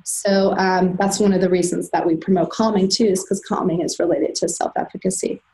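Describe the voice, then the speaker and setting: Vrouw die aarzelend een lezing geeft. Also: female voice, lowish voice, steady tone, brisk, dark tone, rough recording. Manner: hesitant, many fillers and restarts. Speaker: presenter at a telehealth training. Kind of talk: recorded slide-lecture presentation.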